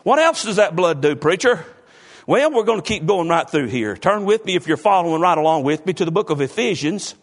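Fervent husky-voiced preacher man. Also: a little high, sing-song, fairly quick. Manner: fervent, calls out congregation members by name. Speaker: pastor. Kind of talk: sermon.

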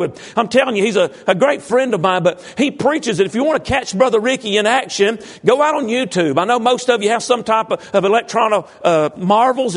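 A pastor with a drawl and a high voice preaches loosely to his flock. He talks in a folksy way and keeps calling out people in the pews with playful questions. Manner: folksy, teasing the congregation with questions. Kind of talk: informal sermon to a congregation.

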